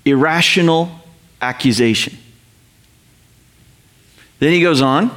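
A man preaching a sermon, slowing down to read scripture and speeding up in quick explanatory asides. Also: on the high side. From North America. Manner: animated, quotes scripture slowly, paraphrases in quick asides. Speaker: pastor.

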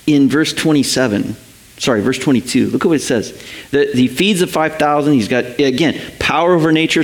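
A man delivers a sermon with a lively, swooping voice that sits a little above the usual male pitch. He tells his stories with animation and slips into the voices of the people he quotes. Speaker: pastor.

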